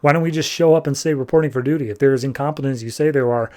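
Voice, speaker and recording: Male podcast host, mid-pitched voice, relaxed chatty recap delivery with lots of "like" and offhand paraphrased dialogue. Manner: loose retelling full of "like" and quick paraphrased dialogue. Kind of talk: casual comic book recap.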